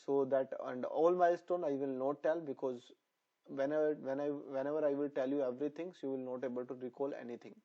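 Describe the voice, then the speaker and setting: A man teaching a pediatrics lesson, repeating terms over and over for memorization, his voice a little hoarse. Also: mid-range voice, steady tone, brisk, dark tone. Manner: repetitive, drilling terms for memorization. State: voice slightly hoarse. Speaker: nursing exam tutor. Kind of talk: online lecture. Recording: dull lo-fi sound.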